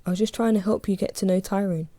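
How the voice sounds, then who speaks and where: A man's voice: high voice, steady tone, fast, mellow, dry recording. A woman reading aloud as an impulsive male friend, pleading and eager to make amends.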